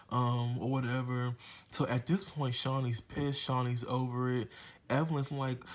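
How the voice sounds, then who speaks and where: A man recapping a reality TV episode in a loose, chatty way. He is blunt and gossipy and swears freely as he runs through the drama. His voice sits at an ordinary middle pitch for a man. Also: level tone, a little slow. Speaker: reality TV reviewer. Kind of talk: casual episode recap commentary.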